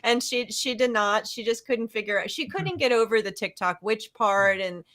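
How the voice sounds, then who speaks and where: A woman co-hosting a casual film discussion over a video call, halting and restarting often, laughing easily. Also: on the high side, fairly bright tone. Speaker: panel co-host.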